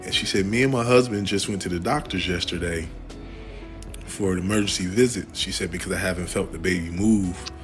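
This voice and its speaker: A man casually telling a personal story, jokey and animated, his voice jumping higher when he quotes people. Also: a little fast, soft background music. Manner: jokey, uses "y'all". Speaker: storyteller in a shared clip.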